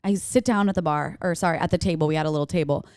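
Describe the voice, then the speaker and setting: A woman's voice: deep voice, rapid-fire, a little mellow, no room sound, clean studio sound. A young woman, co-hosting a podcast and chatting in a giggly, casual way. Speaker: podcast co-host. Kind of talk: casual chat.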